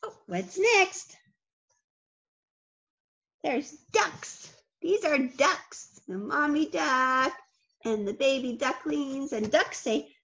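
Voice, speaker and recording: A woman's voice: high voice, very animated, slow, a bit bright. A woman reading a children's picture book aloud at storytime, in a sing-song way, making the animal sounds herself. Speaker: storytime reader. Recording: muffled lo-fi recording.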